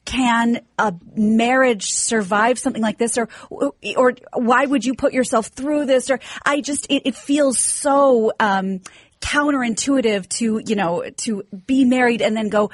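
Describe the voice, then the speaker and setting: A woman's voice: fairly high pitch, measured pace, no echo. A woman co-host asking the guest curious, personal questions in a casual interview.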